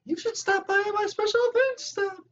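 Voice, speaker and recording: A man reading game text in a squeaky falsetto, voicing a cheery young female kitten villager in a sing-song way. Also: fairly even intonation, normal speed, fairly bright tone, recorded from a distance. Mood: sunny. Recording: slightly muffled home recording.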